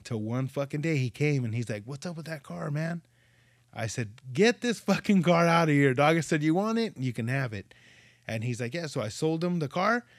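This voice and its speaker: A man's voice: a little high, expressive, moderate pace, no room sound, clean studio sound. A man hosting a podcast, casually telling profane stories and acting out the dialogue. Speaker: podcast host. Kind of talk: casual chat.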